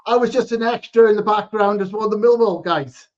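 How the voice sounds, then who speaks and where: A man's voice: sits high, brisk, highs cut off, crowd noise. A middle-aged man hosting an interview, easygoing and laughing along. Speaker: podcast host.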